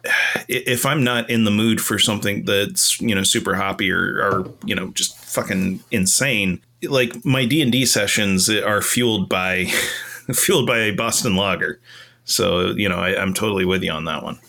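Bright-voiced man chatting loosely. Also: lowish voice, moderate pace, gravelly. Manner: laughs often, swears casually. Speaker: podcast host. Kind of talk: casual chat.

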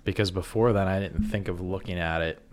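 Joking man with a lowish voice. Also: fairly even intonation. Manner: teasing, laughs often, quick back-and-forth. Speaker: podcast co-host. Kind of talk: casual film discussion.

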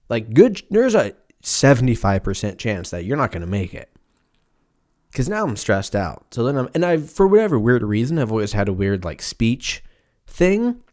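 Podcast host, American man in his thirties, slight lisp, animated swings in pitch, jokey and profane. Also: normal speed. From United States. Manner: profane, joking, stumbles over words. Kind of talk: casual rambling chat.

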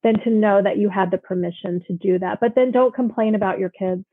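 A woman's voice: mid-range voice, a little fast, no room sound. A woman guest on a podcast, earnestly offering advice in conversation. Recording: thin phone-line sound, dry.

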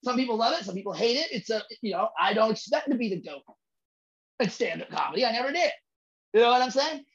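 A male comedian guest on a podcast, talking in a profane, emphatic way, building rhythm and bursting into shouts for emphasis. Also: extremely high pitch, expressive, fast talker, creaky, muffled recording. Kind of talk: casual podcast chat.

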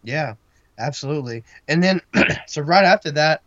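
Podcast dude rambling through a wrestling recap, laughs a lot, dull dry lo-fi audio. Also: male voice, a little high, animated, moderate pace, fairly bright tone, no room sound. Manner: laughs often, rambling play-by-play. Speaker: podcast co-host. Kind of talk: casual wrestling match recap.

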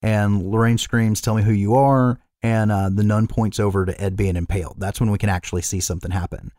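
A man's voice: fairly low pitch, little pitch movement, fast talker, darkish tone, no echo, clean studio sound. A man co-hosting a podcast, casually retelling a film plot, swearing freely and rambling with fillers. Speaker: podcast co-host. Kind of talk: casual chat recapping a film.

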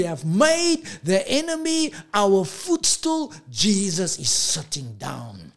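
A man preaching a sermon as pastor, emphatic and repetitive, slowing down to stress key lines. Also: high-pitched, huge pitch swings.

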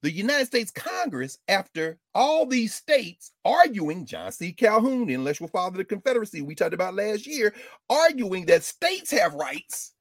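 A man giving an animated lecture with comic asides, jokey and quick to slip into mock voices. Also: high-pitched, no echo.

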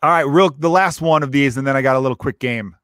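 A man hosting a casual podcast chat, chummy and quick to laugh. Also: mid-range voice, fairly bright tone, clear, resonant tone, no room sound, studio quality. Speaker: podcast host.

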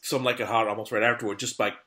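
A man co-hosting a podcast, talking casually about classic films with halting restarts and frequent laughter. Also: lowish voice, level tone, sharp tone. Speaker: podcast co-host. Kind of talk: casual film discussion.

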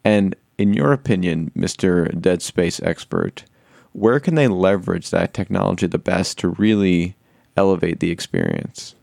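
A man's voice: low voice, moderate pace, gravelly, a little mellow, no echo, clean studio sound. A man hosting a casual podcast, asking questions and joking around.

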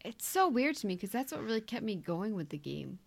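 A woman's voice: medium pitch, sing-song, a little fast, creaky. A woman chatting casually as a guest on a gaming podcast, talking with many fillers and restarts. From United States. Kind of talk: casual chat.

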